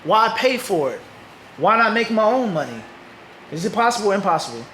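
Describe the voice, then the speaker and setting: A man's voice: sits high, sing-song, fairly quick, fairly bright tone, reverberant, slight background noise, poor audio. A man from Philadelphia with an American accent, teaching a live audience and often asking rhetorical questions before answering them himself. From Philadelphia, USA. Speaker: Islamic teacher.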